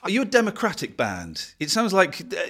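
A man in his forties hosting an interview, jokey and animated. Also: sits high, brisk, noisy background. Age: 40s. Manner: animated, jokey, laughs often. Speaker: radio host. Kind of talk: lively interview banter.

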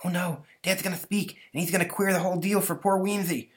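A man voicing an excitable young boy in a comic-book reading, with squeaky, shouty cries. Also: fast talker, natural voice. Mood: excited.

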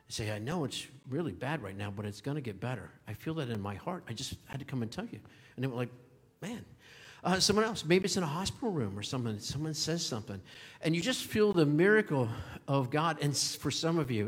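A male pastor preaching a sermon in a conversational, storytelling way, chuckling now and then. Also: medium pitch. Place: church sanctuary. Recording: long hall reverb.

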